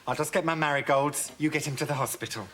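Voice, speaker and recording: A man's voice: a little high, quick pace. A man performing to a studio audience, camp and arch, dropping saucy innuendo as he banters. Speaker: sitcom lead playing to a studio audience. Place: TV studio set before a live audience. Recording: TV studio with loud audience laughter and hiss.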